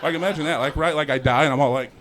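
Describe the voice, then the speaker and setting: A young man performing a stand-up set at an open mic, animated, acting out characters in sudden put-on voices. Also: on the high side, very fast, crowd noise. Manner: animated, acts out characters with jumps in voice. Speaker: stand-up comedian.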